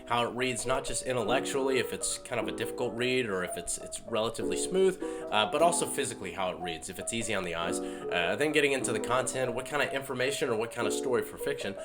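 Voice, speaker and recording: A man's voice: mid-range voice, animated, quick pace. A man in his thirties hosting a casual book review monologue, with wry joking asides. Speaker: book review show host. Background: loud music.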